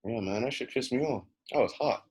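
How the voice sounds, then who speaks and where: A man's voice: mid-range voice, brisk, breathy edge. A young man co-hosting a casual podcast, telling a story with lots of swearing and acted-out quotes. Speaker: podcast co-host.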